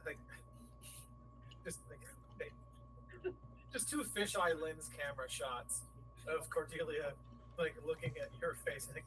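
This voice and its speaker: Chatty, profane male player, slightly high voice, heavy noise on the line. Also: takes it slowly, long pauses. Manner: chatty, profane, animated storytelling. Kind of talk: casual tabletop game chat. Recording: noisy stream audio.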